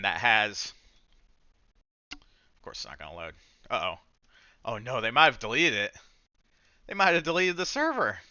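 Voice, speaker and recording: Young guy ranting about stocks, super bright edgy voice, dull dry lo-fi sound, swears a lot. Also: medium pitch, no echo. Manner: animated, profane, mocking mimicry. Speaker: trading channel host. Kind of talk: casual commentary over charts.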